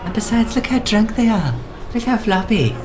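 Brief: eccentric, wheedling schemer, played by a performer, middle pitch. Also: lively intonation, moderate pace, a crowd in the background, background noise, natural voice. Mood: scheming. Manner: rambling, wheedling, grandiose. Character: eccentric scheming party planner, grandiose. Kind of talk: improvised comedy audio play.

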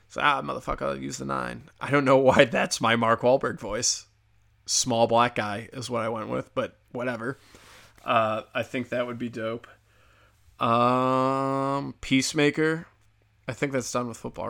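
A man's voice: medium pitch, vocal fry, a bit bright. A man ranting casually and bluntly on his own show, profane, sarcastic and rambling from point to point. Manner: rambling with restarts. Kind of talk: casual solo rant.

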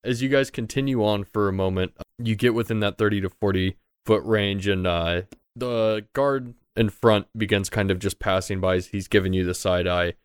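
Deep-voiced male game master. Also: normal speed, few pauses, clear, resonant tone, no echo, studio quality. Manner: relaxed, filler-heavy narration. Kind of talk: narrating a tabletop game.

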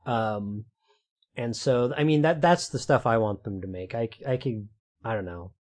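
A man co-hosting a podcast, chatting casually in a wry, halting way with lots of fillers. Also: mid-range voice, darkish tone. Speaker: podcast co-host. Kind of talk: casual chat.

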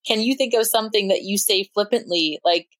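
Woman podcast host, mid pitch, chatty, lots of "like", dry room. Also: brisk, no echo. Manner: chatty, filler-heavy with frequent "like", laughing easily. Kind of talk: casual podcast interview.

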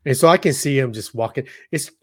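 A man co-hosting a podcast in casual chat, talking in an excitable, slangy way and acting out scenes as he goes. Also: mid-range voice, a little fast, breathy edge, no echo, studio quality. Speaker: podcast co-host.

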